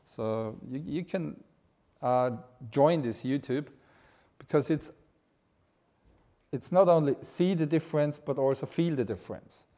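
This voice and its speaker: An Austrian anatomy lecturer with a Styrian accent gives a live lecture, his mellow voice pitched fairly high. He speaks at a measured pace with long pauses, and his manner is enthusiastic, informal and full of jokes.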